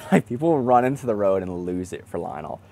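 A young man, a triathlete, telling his race story in a casual, excited way, laughing often and swearing now and then. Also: lowish voice, fairly quick.

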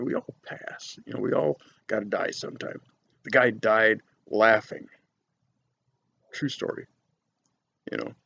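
A man's voice: mid-range voice, gravelly, lo-fi sound. A man reviewing cigars on his vlog, chatting casually and telling rambling, folksy stories full of fillers.

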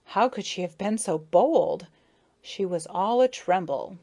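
A woman's voice: fairly low pitch, lively intonation, measured pace, warm tone, slightly rough. Woman reading a storybook aloud. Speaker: audiobook narrator. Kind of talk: scripted storybook narration.

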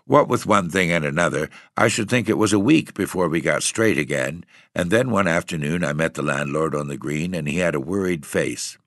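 A man reading a ghost story aloud in a steady, measured way. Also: sits low, no room sound, clean studio sound. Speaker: audiobook reader.

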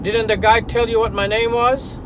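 Man baiting a caller by phone, mocking and confrontational, high voice, steady background noise. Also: normal speed. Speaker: YouTuber taking a scam call. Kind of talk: phone call.

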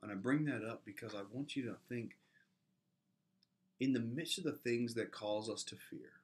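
A man's voice: medium pitch, normal speed. A man preaching an earnest sermon as a pastor, building to emphatic peaks and often restarting his words.

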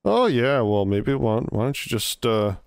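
A man's voice: medium pitch, big pitch swings, unhurried, creaky, a little mellow, clean tone, no echo, studio quality, voice pushed up. A man putting on a joking Canadian accent to voice an offhand soldier with binoculars who gives out orders. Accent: put-on Canadian. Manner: drawling, offhand, mocking. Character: mock-Canadian male soldier with binoculars, bossy.

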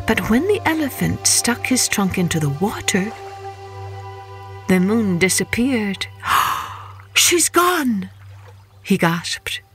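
A woman telling stories for children, reading in a gentle, expressive and unhurried way as host. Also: mid-range voice. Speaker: children's storyteller. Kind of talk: children's storytelling.

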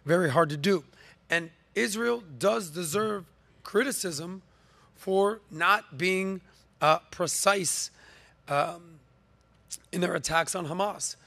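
A man's voice: high voice, slow, creaky, pauses often, bright, forceful tone. A man hosting a podcast, giving an emphatic opinion monologue full of rhetorical questions and ums, with a slight cough. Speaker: podcast host.

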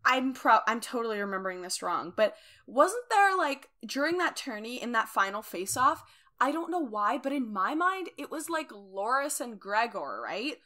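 A woman's voice: on the high side, big pitch swings, normal speed, sharp tone. A woman co-hosting a podcast in casual chat, reacting with frequent laughter and exclamations. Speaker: podcast co-host. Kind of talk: casual book discussion chat.

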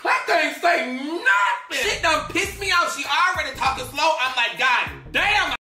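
A woman hosting a drama commentary, loud, laughing and swearing as she rants. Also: high voice, animated, moderate pace, reverberant, soft background music. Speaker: commentary host.

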